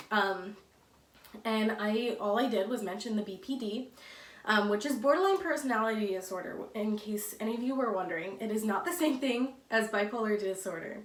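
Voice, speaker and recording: A woman's voice: on the high side, a bit bright. Chatty young woman in an echoey room. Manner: rambling, many fillers and laughs, acts out quoted texts. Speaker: YouTuber telling a storytime. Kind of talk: casual storytime chat. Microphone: headphones with a cord. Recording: echoey room, voice far from mic.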